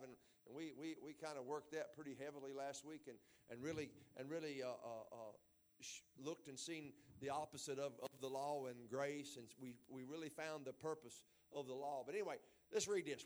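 A man, a pastor preaching a folksy Bible sermon and building to loud emphasis. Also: medium pitch, moderate pace.

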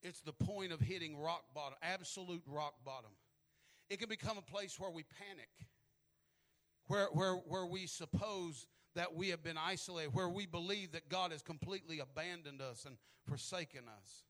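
A man preaching a sermon who tells stories in a low voice, then builds to shouting, often repeating words as he starts phrases. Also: normal speed.

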